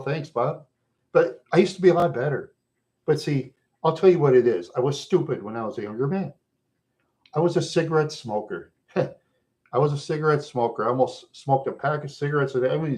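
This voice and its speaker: Rough-voiced man rambling with chuckles. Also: on the high side, darkish tone. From Minnesota. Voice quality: rough voice worn down by smoking. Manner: chuckles often between loose, rambling stories. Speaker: livestream host chatting with viewers. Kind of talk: casual rambling chat.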